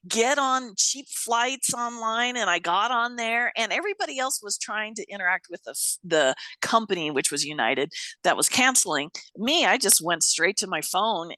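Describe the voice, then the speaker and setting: A woman telling a story in an animated way, swearing casually and acting out the voices of people she quotes. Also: medium pitch, no echo. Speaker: guest.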